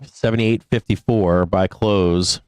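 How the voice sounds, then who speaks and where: Male trading-show host, low pitch, smooth tone, swears and stalls with fillers, dry close sound. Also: fairly even intonation, a little mellow, dry recording. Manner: angry, profane, halting with many fillers. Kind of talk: live trading commentary.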